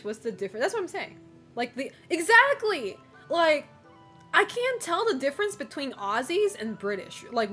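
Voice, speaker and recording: A woman's voice: fairly high pitch, fairly bright tone. A woman streamer chatting casually with her viewers, rambling with lots of fillers and giggling often.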